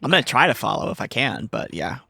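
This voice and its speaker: A man's voice: medium pitch, sing-song, fast, gravelly, sharp tone, breathy edge, no room sound, studio quality. An easygoing man playing a tabletop game. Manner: easygoing, laughs often. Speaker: player.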